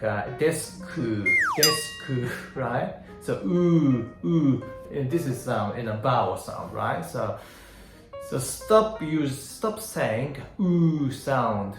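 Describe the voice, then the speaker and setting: A man with a Japanese accent teaching English pronunciation in a casual way, hesitating often with fillers and sounding out example words. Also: medium pitch. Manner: demonstrates sounds aloud. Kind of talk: casual instructional talk. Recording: roomy echo with faint guitar.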